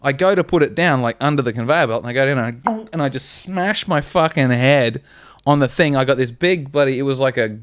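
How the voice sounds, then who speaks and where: A man's voice: mid-range voice, fairly quick, smooth, no room sound. A young Australian man co-hosting a comedy podcast, telling rambling, profane stories in casual chat. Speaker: podcast co-host.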